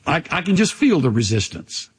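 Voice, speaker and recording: A man preaching a sermon, earnest and unhurried, pausing often and dropping his voice almost to a whisper to make a point. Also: on the high side, sing-song, husky. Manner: earnest, pauses often, drops to near-whispers for emphasis. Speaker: pastor. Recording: long hall reverb.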